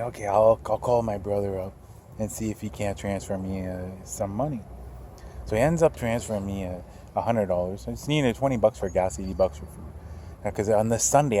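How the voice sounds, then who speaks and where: A man's voice: fairly low pitch, dark tone, slight background noise. A middle-aged man telling a personal story to his viewers in a casual, rambling, earnest way. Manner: rambling, repeats himself, earnest. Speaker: channel host.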